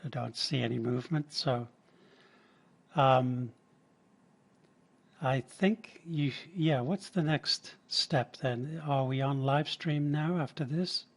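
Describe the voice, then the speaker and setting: A man closing a small show at an unhurried pace, stopping often on fillers as he thanks the audience. His voice sits at an ordinary pitch. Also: creaky. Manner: unhurried, halting, with many fillers. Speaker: event host. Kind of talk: closing remarks.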